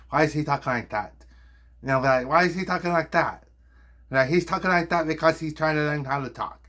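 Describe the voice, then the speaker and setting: A man's voice: mid-range voice, fairly bright tone, natural voice. A man doing himself in a playful mock English accent, rambling and self-mocking from a home studio.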